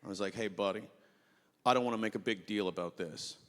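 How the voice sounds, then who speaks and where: A man doing an animated stand-up story, acting out the voices of the people in it. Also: fairly low pitch, fast, a little hiss or hum. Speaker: stand-up comedian. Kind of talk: stand-up routine. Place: comedy festival stage. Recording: stage recording with long hall reverb.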